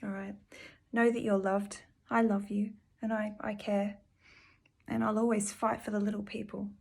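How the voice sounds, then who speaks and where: A woman talks to her viewers from home in an earnest, heartfelt way, softly and with many pauses and fillers. Her pitch sits in the middle and stays level, with little rise or fall. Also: vocal fry. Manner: soft, earnest and emotional, with frequent fillers. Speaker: vlogger. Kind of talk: personal video update.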